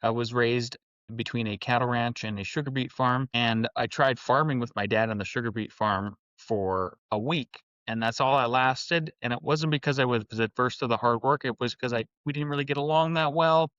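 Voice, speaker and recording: Animated storytelling man in his forties. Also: mid-range voice, moderate pace, no room sound. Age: 40s. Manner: animated storyteller, acts out quoted dialogue. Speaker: podcast guest, architect and entrepreneur. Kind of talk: casual storytelling interview. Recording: dull lo-fi sound, dry.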